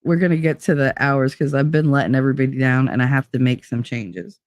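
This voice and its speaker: A woman's voice: rumbling low, steady tone, brisk, darkish tone, no room sound, clean studio sound. A woman chatting casually on a live stream, talking bluntly and swearing, with frequent laughs. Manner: blunt and profane, laughs often.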